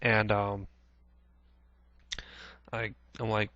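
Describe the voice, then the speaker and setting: A man vlogging a casual personal recollection, halting with many restarts, clearing his throat often and swearing casually. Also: on the low side, fairly even intonation, a bit bright, dry recording, muffled recording. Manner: plain-spoken, swears casually.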